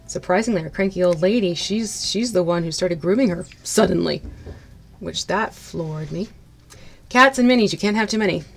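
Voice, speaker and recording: A woman chatting casually on a live stream while she paints miniatures. She laughs often and greets her viewers brightly by name. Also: on the low side, normal speed, gravelly.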